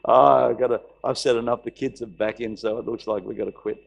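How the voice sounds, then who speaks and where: A middle-aged man with a gravelly, mid-range voice speaks a little fast as he preaches. He's an Australian pastor recounting a story, lively in manner, acting out quoted voices and returning to repeated phrases.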